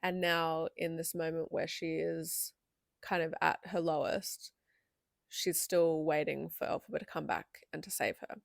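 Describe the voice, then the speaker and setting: A woman's voice: sits low, level tone, unhurried, creaky, no room sound, clean studio sound. A young adult woman giving a chatty, candid video essay with frequent asides.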